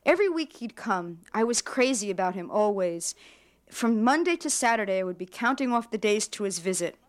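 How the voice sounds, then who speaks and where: A woman reading aloud, voicing a shy, lovestruck middle-aged mistress who confesses softly. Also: mid-range voice, expressive, fairly quick, natural voice. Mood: wistful.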